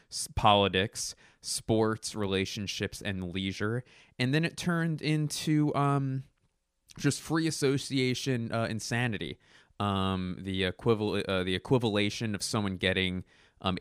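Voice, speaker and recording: A man's voice: fairly low pitch, a bit bright, clear, resonant tone, no room sound, studio quality. A man hosting a solo podcast from home, rambling, jokey and self-deprecating into a podcast microphone. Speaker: podcast host. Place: home room.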